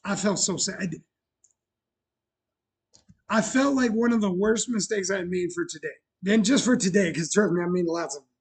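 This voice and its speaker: A man's voice: high-pitched, moderate pace, long pauses, breathy edge. A man hosting a casual show about opening his bar, chatty and self-mocking, laughing often. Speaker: bar owner and show host. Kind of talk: casual chat.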